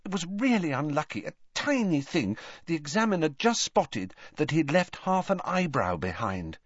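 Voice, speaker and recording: A man voicing an earnest, quick-talking teenage schoolgirl in an audiobook reading. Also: a little high, big pitch swings, husky, dry recording, pitched above the performer's own voice. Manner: earnest, quick, sometimes whispering. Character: eager clever teenage schoolgirl. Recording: dull lo-fi recording.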